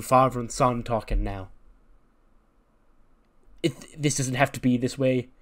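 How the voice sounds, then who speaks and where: A man's voice: medium pitch, natural voice. A man voicing a veteran male wrestler, a stern father who speaks earnestly and with force to his son. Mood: angry. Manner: earnest, pleading then challenging.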